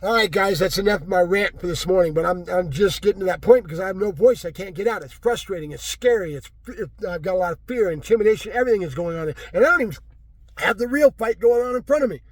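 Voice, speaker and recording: A man's voice: sits high, lively intonation, fast talker, dry recording. A man ranting angrily to his viewers in a political vlog, agitated and repetitive, tagging his points with "right?". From California. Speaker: vlogger. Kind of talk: angry political rant to camera.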